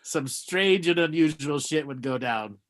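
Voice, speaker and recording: A man's voice: fairly high pitch, unhurried, a bit bright. A man hosting a casual comedy show, cutting in with short, blunt remarks and corrections. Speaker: host.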